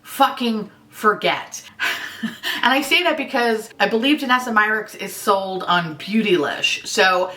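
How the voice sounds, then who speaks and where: A woman with a forceful, bright, mid-range voice runs a casual beauty vlog in her apartment, unhurried yet barely pausing, and distant from the mic. She fakes a Minnesota accent, swears freely, and mocks herself sarcastically.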